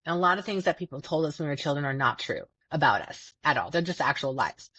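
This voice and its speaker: A woman's voice: deep voice, expressive, fast, a bit bright, breathy edge, no room sound. A woman hosting a podcast, talking casually and earnestly about feelings, stressing her points and often repeating words. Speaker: podcast host. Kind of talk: casual self-help talk. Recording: dull, dry lo-fi sound.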